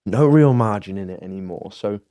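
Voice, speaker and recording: A man's voice: fairly low pitch, lively intonation, fairly quick, warm tone, clear, resonant tone, no echo, clean studio sound. A man with a Worcester English accent, a guest entrepreneur talking casually and giving plain-spoken advice, often ending with tag questions. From Worcester, England. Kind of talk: casual podcast conversation.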